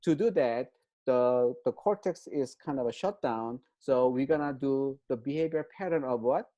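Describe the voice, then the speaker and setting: A man's voice: medium pitch, normal speed, dark tone. A man explaining trauma as an interview guest, in non-native English phrasing, with many fillers and frequent "right?" check-ins.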